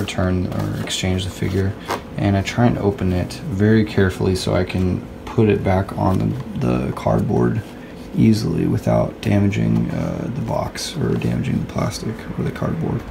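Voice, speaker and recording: Low gravelly man talking hushed. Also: moderate pace. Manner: hushed early-morning voice. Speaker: host. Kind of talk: casual product review. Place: home, with someone asleep nearby. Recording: noisy home recording.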